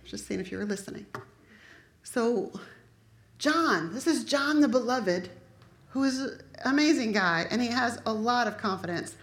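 A woman's voice: fairly high pitch, animated, unhurried, pauses often. A woman preaching a sermon in a chatty, conversational way, dropping joking asides to her congregation. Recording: echoey room.

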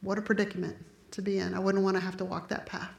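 A woman's voice: medium pitch, fast talker, creaky. Woman preaching in an echoey room. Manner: animated storytelling, acting out characters' lines. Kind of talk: sermon retelling a Bible story.

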